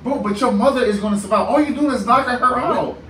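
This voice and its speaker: Young guy joking around with friends, high lively voice, echoey far mic, loud noise behind. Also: fast. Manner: laughing, animated banter. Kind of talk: casual group chat.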